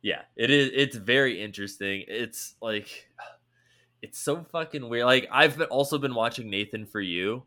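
A man's voice: mid-range voice, normal speed, sharp tone. A man co-hosting a casual podcast, telling stories animatedly and swearing freely. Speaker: podcast co-host. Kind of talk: casual chat.

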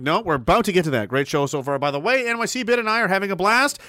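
A high-pitched man hosts a casual livestream, reading viewer messages aloud and answering them bluntly. He swears freely and slips into heated rants, and his voice comes across close and dry. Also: expressive, quick pace, bright, forceful tone, dry recording. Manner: blunt, profane, ranting. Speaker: livestream host reading chat. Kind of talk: casual live chat commentary.

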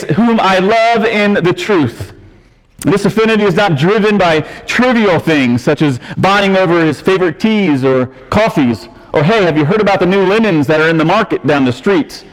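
Earnest pastor preaching in a reverberant church. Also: male voice, high voice. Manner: earnest, conversational preaching with varied emphasis. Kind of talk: sermon. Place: church sanctuary.

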